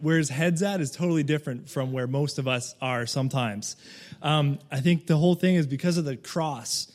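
A man giving a loose, conversational sermon, full of fillers and asides, who once lived in Canada. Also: a little high. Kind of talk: casual sermon.

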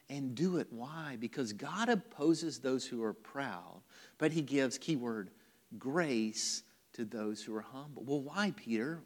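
A man's voice: mid-range voice, expressive, measured pace, long reverb tail. A man preaching a conversational sermon as pastor of his church, now and then dropping to a whisper for emphasis.

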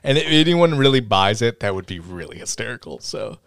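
A man's voice: on the low side, brisk, no echo, studio quality. A man hosting a podcast in casual, joking chat. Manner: animated, joking. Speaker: podcast host.

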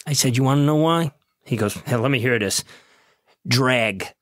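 A man, a police officer guest on a studio podcast, telling profane, laughing anecdotes in a casual, animated way. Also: medium pitch, moderate pace.

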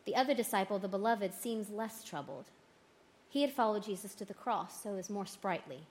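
A woman reading a gospel passage aloud and reflecting on it, slow and expressive, lifting her voice for the quoted lines. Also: mid-range voice. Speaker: scripture reader.

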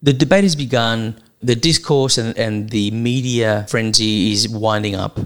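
A man's voice: mid-range voice, steady tone, unhurried, smooth. A man with an Australian accent co-hosting a casual podcast, musing aloud and restarting his sentences as he thinks. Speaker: podcast co-host.

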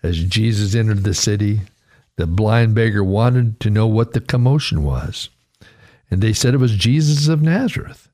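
A man preaching a radio sermon, earnest and conversational, his pitch rising sharply when he voices a quoted cry. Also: lively intonation, moderate pace, darkish tone. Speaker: radio pastor.

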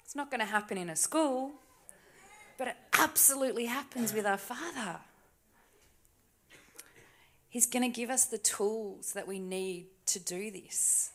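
A woman preaching a sermon in a church, talking conversationally with tag questions and dropping to soft, hushed asides. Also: on the high side, unhurried, pauses often. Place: church stage.

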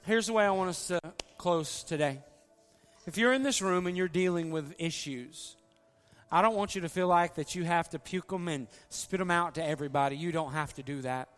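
A man's voice: high-pitched, a little fast. A man preaching an earnest, folksy sermon as pastor, pleading with his congregation at the altar call. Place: church sanctuary. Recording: long hall reverb, faint music.

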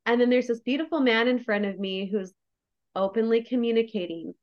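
On the high side and a little fast, this woman's voice comes through a dull, lo-fi recording. She's a podcast guest opening up about a personal story, effusive and candid, with many "like" fillers.

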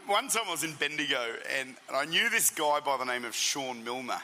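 A man who is a traveling preacher and senior pastor, telling stories as an interview guest in a lively way, often restarting and repeating words. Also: a little high, fairly quick, long reverb tail, a little hiss or hum, low-quality recording.

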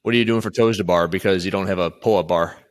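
A man's voice: low voice, steady tone, quick pace. A man coaching and interviewing an athlete in a casual chat, rambling and restarting his sentences often.

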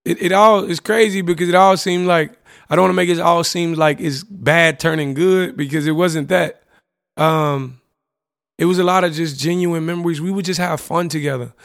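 A young man talking through memories of an old relationship, loose and candid, dropping slang and the odd curse. His voice sits a touch high for a man and has a gravelly, fried edge. It is recorded close and dry, with no room sound. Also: fairly even intonation, normal speed, a bit bright, dry recording. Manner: casual, candid storytelling with slang, profanity and frequent "you know what I'm saying". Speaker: podcast host. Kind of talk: reflective personal monologue.

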